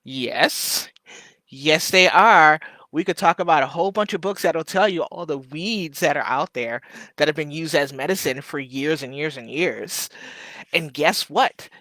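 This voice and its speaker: A man hosting a livestream, chatting warmly and rambling through viewer comments, emotional and close to tears. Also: fairly high pitch, a little slow, dry recording. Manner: warm, chatty, emotional, fighting back tears; loose and rambling with many fillers. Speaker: livestream host. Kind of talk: casual live chat, reading viewer comments.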